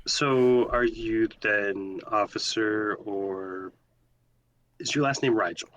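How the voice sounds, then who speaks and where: Low-voiced male player, faint hiss. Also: slow, fairly bright tone, rough recording. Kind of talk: tabletop role-play chat.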